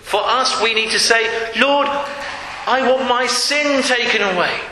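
A man preaching a sermon, slow and emphatic, repeating key phrases for weight. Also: extremely high pitch, pushed and bright, slight background noise. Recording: echoey hall with long reverb.

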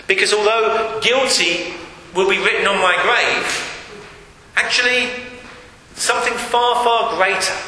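High-voiced man preaching in an echoey hall. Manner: emphatic, repeating phrases, dropping to hushed tones. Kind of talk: sermon. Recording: echoey hall with faint hiss.

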